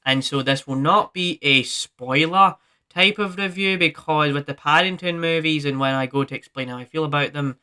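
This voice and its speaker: A man's voice: a little high, normal speed, sharp tone, clear, resonant tone. A man hosting his own movie review video, talking in a casual, rambling way with many fillers and restarts.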